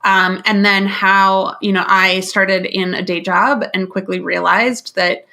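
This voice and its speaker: A woman's voice: medium pitch, little pitch movement, unhurried, pushed and bright. A woman business coach speaking as a podcast guest, candid and a little rambling, with an occasional swear. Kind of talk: casual interview talk.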